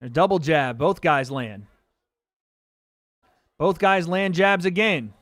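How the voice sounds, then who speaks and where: A man calls a fight live for his watch-party stream, in a high, bright voice. He names each punch as it lands and swears freely, erupting into excited yells when the action swings. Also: slow, no room sound, clean studio sound.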